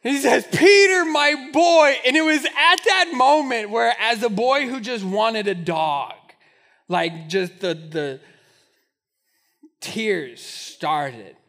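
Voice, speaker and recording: A man in his thirties preaching a sermon to his church, telling a personal story with animated, self-mocking humor. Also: high-pitched, takes it slowly. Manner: storytelling, animated, laughing at himself. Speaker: pastor. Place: church sanctuary.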